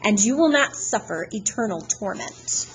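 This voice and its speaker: A woman voicing a menacing female Fury with a Southern accent, speaking slowly and threateningly. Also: mid-range voice, expressive, background noise, close to an everyday voice. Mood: hissing threat. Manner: slow, drawn-out, threatening delivery. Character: menacing female Fury, former teacher, hissing and cruel.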